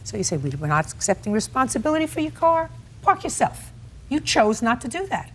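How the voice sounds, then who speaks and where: An older woman presiding as a courtroom judge, sharp and interrupting as she scolds the parties. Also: a little high, big pitch swings, quick pace, a little hiss or hum. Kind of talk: courtroom arbitration.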